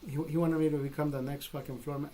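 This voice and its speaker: Brief: male vlogger, casual swearing storyteller, voice sits a bit high, faint hiss behind. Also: level tone, quick pace, warm tone, low-quality recording. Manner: profane, emphatic, retells exchanges in dialogue.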